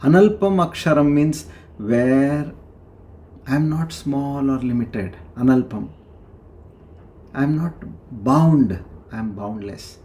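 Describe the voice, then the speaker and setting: A man giving a devotional discourse on scripture, explaining slowly with pauses and sudden rises in pitch. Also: warm tone. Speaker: spiritual teacher.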